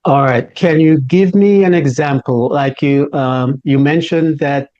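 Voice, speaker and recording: A man's voice: a little high, measured pace, darkish tone, highs cut off. A man interviewing a guest, giving brief acknowledgements and asking patient questions. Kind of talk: casual interview.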